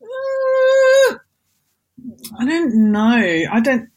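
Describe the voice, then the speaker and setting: A middle-aged Australian woman, a guest in a casual interview, animated, joking and self-mocking. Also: very high voice, drawn-out words.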